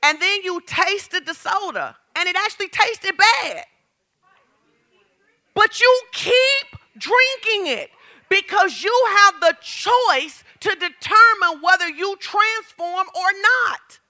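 A woman pastor preaching a lively sermon, asking the congregation questions and building to shouts. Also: extremely high pitch, slow pace. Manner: talks straight to the congregation with questions.

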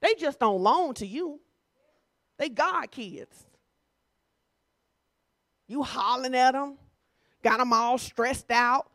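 High-voiced woman preaching, dry sound. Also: slow, pauses often, fairly bright tone, no echo. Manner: conversational preaching, colloquial, teasing. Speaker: pastor. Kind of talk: sermon.

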